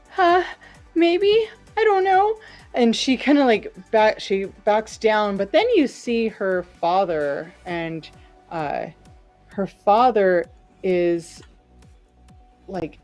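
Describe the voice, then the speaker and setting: A woman's voice: medium pitch, lively intonation, drawn-out words, a little mellow, dull audio, soft background music. A woman narrating a tabletop game as game master, loose and filler-heavy.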